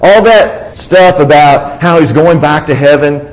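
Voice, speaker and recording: A man preaching a Sunday sermon with real conviction, his voice sitting a little higher than most men's. He presses the congregation with rhetorical questions, climbing to raised, emphatic lines and then dropping to a hush. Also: measured pace, low-quality recording. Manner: wide swings between raised and hushed delivery.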